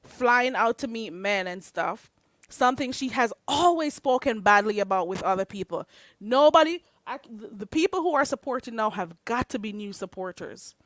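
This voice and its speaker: A woman rants straight at her viewers on her own channel. She swears constantly and hammers the same lines again and again. Her voice sits at a middle pitch, recorded dry with no room echo. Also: expressive, moderate pace, a bit bright. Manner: profane, confrontational, repetitive. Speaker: channel host. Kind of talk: vlog rant at viewers.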